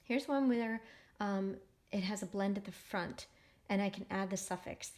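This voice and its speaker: A woman teaching a phonics lesson to young children, sounding out each syllable slowly and patiently. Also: medium pitch, a little mellow.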